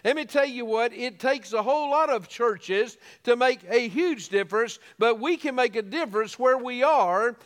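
A man's voice: very high-pitched, normal speed, few pauses, in a large hall. A man preaching a sermon as pastor of a small church, earnest, with frequent restarts.

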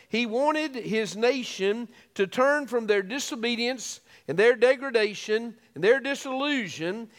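A man's voice: sits high, a bit bright, long reverb tail. A man preaching a sermon as pastor of a small church, earnest, with frequent restarts.

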